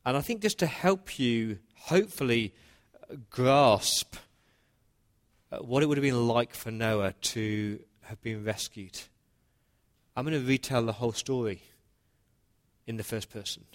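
A man's voice: medium pitch, measured pace. A man preaching a sermon, explaining his plan in a conversational tone. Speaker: pastor.

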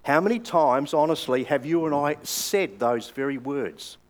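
A man's voice: a little high, a little slow. An older Australian man preaching a sermon, telling stories in a conversational way with hesitant fillers. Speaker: pastor.

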